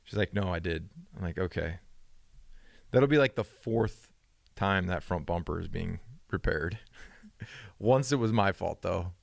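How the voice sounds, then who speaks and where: Man, low voice, casual podcast chat, animated storyteller, dry close mic. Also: unhurried, creaky, pauses often, dry recording. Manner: animated storyteller, acts out quoted dialogue with rising pitch. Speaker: podcast co-host.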